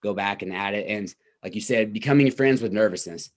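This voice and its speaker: A man's voice: fairly low pitch, a little fast. A man hosting a casual interview, laid-back and encouraging. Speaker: podcast host and coach.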